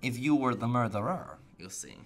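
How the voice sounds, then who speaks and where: A man's voice: medium pitch, lively intonation, normal speed, a bit bright, soft background music. A man hosting a casual board game over a voice call, playful and theatrical with mock-serious lines. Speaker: game host.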